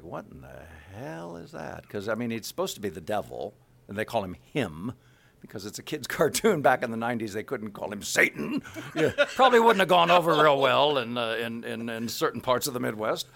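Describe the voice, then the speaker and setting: A middle-aged male voice actor chatting in an interview, animated and full of fillers. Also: mid-range voice, brisk, vocal fry. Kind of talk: casual interview chat.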